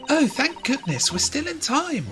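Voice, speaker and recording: A woman's voice: sits high, sing-song, a little slow. A woman voicing a polite young woman assistant who speaks in a prim, formal and earnest way, with game music behind.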